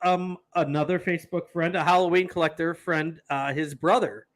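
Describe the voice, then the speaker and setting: A man co-hosting a podcast in casual chat, quick to react with excitement and swearing. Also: on the high side. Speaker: podcast co-host.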